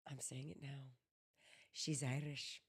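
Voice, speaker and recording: Low-pitched American woman, thirties, chatty co-host who rambles and jokes. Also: slow, slightly rough. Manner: rambling, animated, joking. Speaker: podcast co-host. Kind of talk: casual chat.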